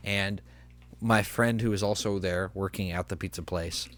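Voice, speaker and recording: At a moderate pace and in a low voice, a young man co-hosting a casual podcast recounts something from work. He's an animated storyteller, performing the quoted voices of the people in the story.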